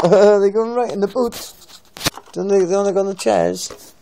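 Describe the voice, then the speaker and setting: A father in a casual home video, gently and playfully coaxing his toddler through opening a present. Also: high voice, normal speed, a little hiss or hum. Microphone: phone.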